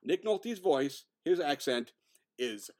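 Animated, high-voiced man ranting about films. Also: slow pace. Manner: excitable, swears often, laughs a lot. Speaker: podcast co-host. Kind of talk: casual film review chat.

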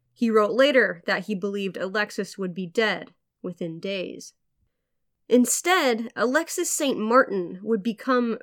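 A woman narrates a history podcast in a measured, scripted storytelling voice. Her pitch sits mid-range for a woman. Now and then she adds a dry, wry aside. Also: fairly bright tone. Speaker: podcast host.

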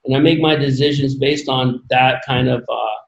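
A man in casual interview talk, earnest and rambling, pressing hard on key words. His voice sits at an ordinary middle pitch. The sound carries a noticeable roomy echo. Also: steady tone, normal speed, creaky, muffled recording, a little hiss or hum. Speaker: podcast guest, former Olympic athlete.

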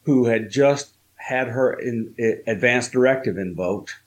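Man telling a personal story, halting. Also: mid-range voice. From Southern United States. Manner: slow, halting storytelling with fillers. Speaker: guest.

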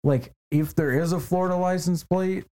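A man's voice: high voice, steady tone, moderate pace, mellow. A young man co-hosting a casual podcast, blunt, ranting and swearing heavily. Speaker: podcast co-host.

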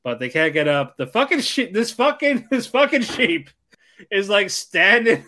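Male co-host, slightly high voice, chatty laughing recap style. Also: big pitch swings, measured pace, bright, forceful tone. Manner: chatty, laughs between lines, interjects. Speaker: podcast co-host. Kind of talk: casual anime recap chat.

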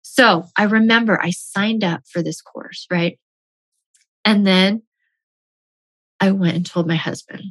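A woman's voice: medium pitch, takes it slowly, pauses often. A woman telling a personal story as a motivational speaker, stressing her points by repeating key phrases.

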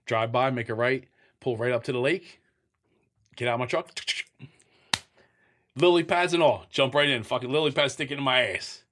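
In a sit-down interview, a blunt middle-aged guest swears freely and acts out his stories with sound effects as he tells them candidly. He speaks at medium pitch and a moderate pace, pausing often.

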